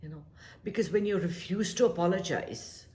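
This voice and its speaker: A woman giving life advice in a casual, reflective talk, animated and emphatic, repeating her points and dropping to a soft whisper for emphasis. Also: on the low side, normal speed. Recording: echoey room.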